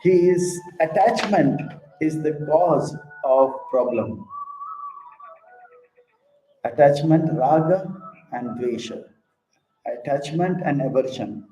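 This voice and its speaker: A man's voice: fairly high pitch, takes it slowly, pauses often, a little hiss or hum. A man teaching scripture as a spiritual teacher, acting out small stories. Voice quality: animated storyteller who acts out characters. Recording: echoey room with faint ambience.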